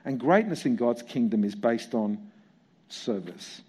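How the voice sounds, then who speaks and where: A man preaching a sermon in an animated way, full of rhetorical questions and repetition. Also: mid-range voice, a little slow, breathy edge. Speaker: pastor.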